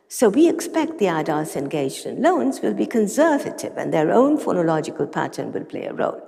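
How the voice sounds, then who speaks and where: A woman's voice: on the low side, creaky, a little mellow. A woman giving an academic lecture with dry humor and casual asides in a large lecture hall. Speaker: conference lecturer. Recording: long reverb of a lecture hall.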